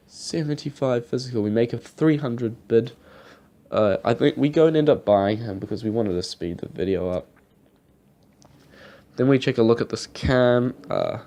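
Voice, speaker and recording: A man's voice: lowish voice, dark tone. A young man giving rambling, casual commentary over his football game footage, swearing now and then. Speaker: gaming YouTuber.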